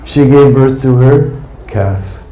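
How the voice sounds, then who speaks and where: A man's voice: medium pitch, slow, dark tone. Male preacher telling stories in an echoey hall. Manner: tags lines with "hmm?" and "huh?". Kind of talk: devotional storytelling sermon.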